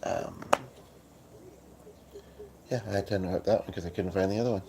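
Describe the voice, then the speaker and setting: A man hosting a casual livestream from his couch, talking in a groggy morning voice with many halting fillers and restarts. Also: sits low, steady tone, dark tone, slight background noise. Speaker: livestream host. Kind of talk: casual rambling livestream chat. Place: at home on a couch.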